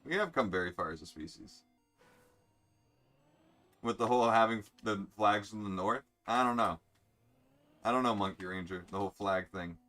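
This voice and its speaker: A young man live-streams a racing game, chatting casually with viewers in a blunt, sarcastic way and swearing freely. His voice is fairly low with a sharp tone, at a moderate pace with frequent pauses.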